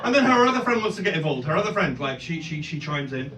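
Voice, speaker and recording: Stand-up in his thirties, high voice, animated and sweary, miked from a distance in a noisy club. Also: fast talker. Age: 30s. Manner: animated, swearing, bursts into loud exclamations. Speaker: stand-up comedian. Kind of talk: stand-up set. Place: comedy club stage. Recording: echoey club heard from a distance. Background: audience laughter.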